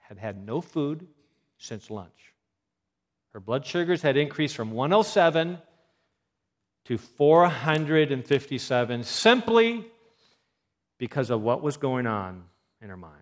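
A man's voice: medium pitch, a little slow. A man giving a health talk, telling a story about a mother and acting out what people said. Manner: animated storyteller acting out quoted voices.

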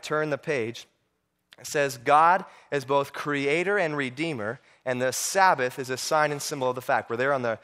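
A man preaching a sermon, telling stories with animated voices and frequent repeated words. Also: a little high.

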